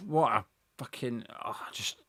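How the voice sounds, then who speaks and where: A young man hosting a live football watch-along, chatting excitedly and reading out viewers' messages. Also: mid-range voice, unhurried. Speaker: fan channel host.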